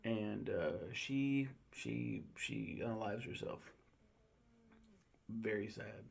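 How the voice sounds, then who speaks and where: A man's voice: fairly low pitch, slow pace, vocal fry. A man recapping a film in a casual, rambling way, full of ums, restarts and swearing. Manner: rambling, lots of ums and profanity. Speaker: film reviewer.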